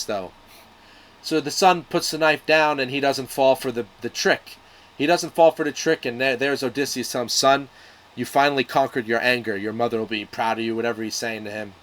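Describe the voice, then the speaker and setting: A man's voice: medium pitch, a bit bright. A man talking casually to camera, retelling a miniseries plot in a loose, profane way, with lots of restarts and fillers. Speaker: video reviewer.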